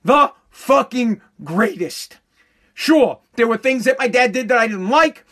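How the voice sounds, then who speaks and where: A man delivering a profane comedic rant, loud and full of stammered repetitions. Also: extremely high pitch, animated, unhurried.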